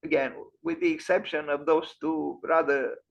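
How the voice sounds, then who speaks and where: A man hosting an online architecture lecture, pausing often with fillers and restarts. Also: on the high side, little pitch movement, vocal fry. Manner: hesitant, many fillers and restarts. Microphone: video call. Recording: dull lo-fi online audio.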